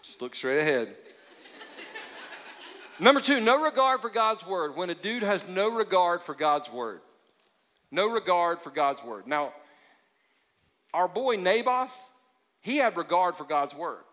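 A male pastor preaching a sermon in a conversational, joking way, with sudden drops into quiet emphasis. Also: sits high, very animated, unhurried, long pauses. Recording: long hall reverb.

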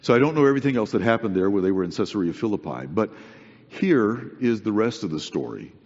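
A man's voice: lowish voice, lively intonation, fast talker, darkish tone. A male preacher giving a sermon in an earnest, conversational way, stressing points by repeating them. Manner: earnest, conversational, emphatic repetition. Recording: dull recording with long hall reverb.

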